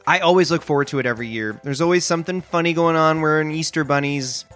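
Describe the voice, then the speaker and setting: A man's voice: fairly high pitch, fast, fairly bright tone, soft background music. Dry, ironic male podcast co-host. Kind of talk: casual comedic chat.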